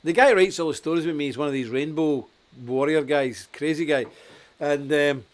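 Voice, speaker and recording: A man's voice: fairly high pitch, a little fast. A man from Scotland hosting a live online talk show, speaking bluntly and emphatically and laughing at his own stories. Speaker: host.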